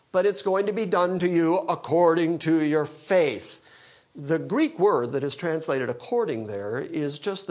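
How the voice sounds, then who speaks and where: A male pastor preaching an expository sermon, animated and teaching verse by verse, with dry humor. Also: fairly high pitch. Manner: animated, quoting scripture in character, dry humor.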